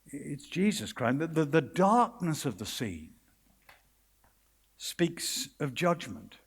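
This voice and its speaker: High-voiced British preacher in a hall. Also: male voice, big pitch swings, slightly rough. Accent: British English. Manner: earnest, dramatic, with hushed pauses and quoted voices. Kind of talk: sermon. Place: conference hall. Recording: long hall reverb.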